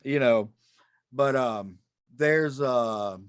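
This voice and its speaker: A man doing a stand-up comedy set on a club stage, self-deprecating and halting, with many ums and restarts. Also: mid-range voice, smooth, no echo.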